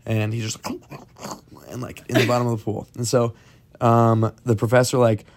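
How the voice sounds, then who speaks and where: A man's voice: medium pitch, flat delivery, moderate pace, slight background noise. A young man telling a spooky story to friends in a casual, rambling way, full of "like" and "um.". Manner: rambling, heavy on "like" and "um" fillers. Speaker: podcast storyteller.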